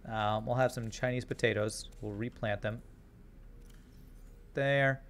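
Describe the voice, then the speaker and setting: Man musing through a game stream. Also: mid-range voice. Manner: thinks aloud, chats to viewers. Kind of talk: casual live-stream gameplay commentary.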